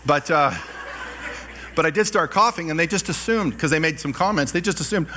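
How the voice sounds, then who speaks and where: A middle-aged man preaching a sermon, telling personal stories with animated delivery and self-deprecating laughs. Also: fairly high pitch, a little fast, slight background noise. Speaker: pastor.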